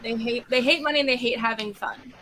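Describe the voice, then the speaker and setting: Giggly, apologetic woman with a bright voice. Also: fairly high pitch, steady tone, fairly quick, a little hiss or hum. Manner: apologetic, giggly, soft-spoken. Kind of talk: casual chat.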